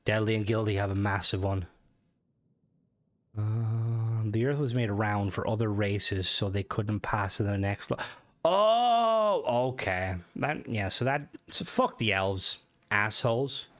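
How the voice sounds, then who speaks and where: A man's voice: animated, slow pace. Rambling, foul-mouthed male streamer. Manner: rambling and profane, many fillers, jumps up in pitch when worked up. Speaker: game streamer. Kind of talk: casual live-stream chat.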